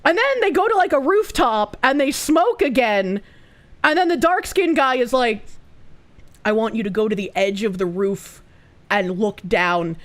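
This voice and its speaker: A young woman comments casually on a film as she streams, rambling with lots of fillers and restarts in an animated way. Her pitch is slightly high and her pace slightly slow.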